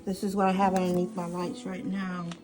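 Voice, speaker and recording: A woman's voice: fairly low pitch, completely flat delivery, brisk, music in the background. Chatty woman filming her home garden. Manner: chatty, thinks aloud with many fillers and restarts. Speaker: gardening vlogger. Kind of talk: casual home gardening vlog. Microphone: phone camera.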